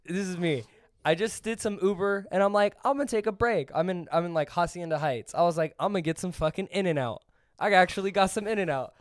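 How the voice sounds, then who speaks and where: High-voiced man telling a rambling story. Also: fairly quick, no room sound, clean studio sound. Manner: rambling, profane, acts out dialogue with laughs. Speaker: podcast co-host. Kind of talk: casual storytelling.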